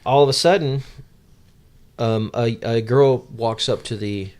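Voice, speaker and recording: A man's voice: medium pitch, a little slow, a little mellow, clear, resonant tone. Rambling man recapping a comic. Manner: loose storyteller with many ums and uhs; swears casually. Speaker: podcast co-host. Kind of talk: casual chat recapping a manga.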